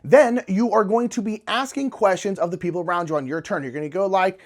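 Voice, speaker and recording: A man's voice: sits high, a little fast, hardly any pauses. A man casually and enthusiastically reviewing board games in a chatty vlog, with plenty of fillers.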